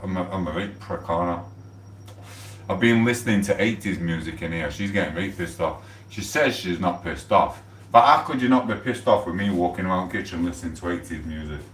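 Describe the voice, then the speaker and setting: Deep-voiced, rambling man in his forties. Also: fast talker, a bit bright, a little hiss or hum. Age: 40s. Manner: rambling, chatty, swears freely. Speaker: livestreamer. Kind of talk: casual live-stream chat. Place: home kitchen. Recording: roomy echo, distant from the mic.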